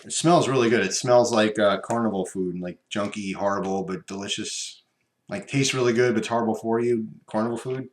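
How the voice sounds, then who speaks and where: A man's voice: lowish voice, brisk. A man chatting casually through an unboxing and taste-test vlog, rambling and talking while he chews. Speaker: vlogger. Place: room at home by his computer. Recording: echoey room with background noise.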